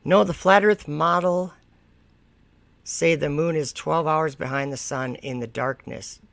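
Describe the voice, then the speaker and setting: A man's voice: fairly high pitch, fairly even intonation, unhurried, vocal fry, fairly bright tone, dry recording. A man hosting a casual livestream, reading viewer comments aloud and mocking and lecturing the people who wrote them. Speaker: livestream host.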